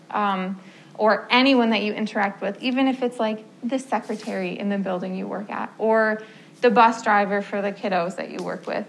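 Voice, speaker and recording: A woman's voice: mid-range voice, creaky, a little hiss or hum, low-quality recording. A woman music therapist giving an informal talk to colleagues, telling stories with lots of quoted dialogue and filler words. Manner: storytelling with quoted dialogue, frequent um and like.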